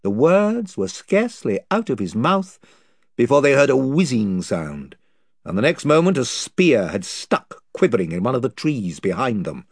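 Audiobook reader, lively and expressive, dry close recording. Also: mid-range voice, normal speed, dry recording. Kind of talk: storybook narration.

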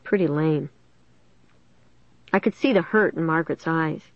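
A woman reading a first-person story aloud in a plain, steady storytelling manner. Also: deep voice, a little slow, pauses often, dry recording, dull audio. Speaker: audiobook narrator.

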